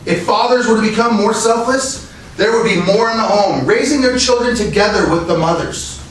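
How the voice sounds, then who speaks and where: A man with a fairly high voice delivers an earnest prepared speech at a club meeting. He asks the room rhetorical questions as he goes. He is recorded from a distance in a very echoey room. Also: normal speed. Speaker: Toastmasters speaker. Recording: echoey room, distant mic, faint noise.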